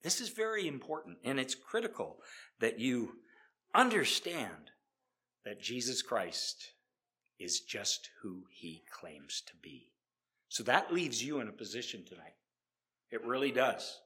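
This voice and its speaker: A man preaching an evangelistic sermon, emphatic, swinging from loud declarations to hushed tones and often repeating himself. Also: medium pitch, big pitch swings, a little slow. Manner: repeats words, restarts often.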